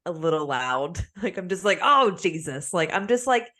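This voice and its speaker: Her pitch fairly low and her pace normal, a young woman co-hosts a podcast and animatedly tells a story in casual conversation, acting out voices and breaking into frequent laughter.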